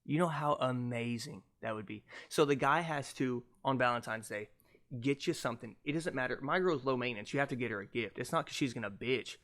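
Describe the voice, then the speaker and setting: A young man hosting his own podcast on a cheap mic, ranting loudly and mockingly with lots of swearing. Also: mid-range voice, brisk. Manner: loud, mocking, profane ranting. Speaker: podcast host. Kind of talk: casual ranting monologue. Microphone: cheap USB podcast mic.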